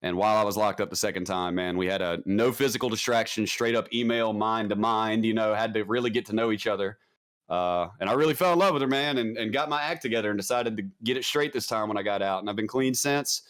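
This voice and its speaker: Fast-talking candid man. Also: fairly low pitch, fairly bright tone. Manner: candid, blunt, peppered with "man". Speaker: podcast guest. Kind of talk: casual conversation.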